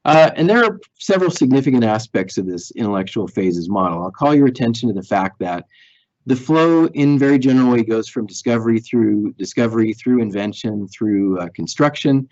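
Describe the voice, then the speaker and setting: A man giving a recorded software lecture, explaining thoughtfully with frequent fillers and restarts as he draws on slides. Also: mid-range voice, lively intonation, brisk, dull audio.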